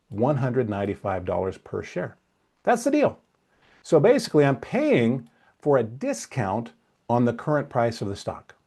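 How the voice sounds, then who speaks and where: Male trading coach for a webcast lesson, animated delivery, mellow tone. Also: medium pitch. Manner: lively, talks to viewers directly, asks and answers questions.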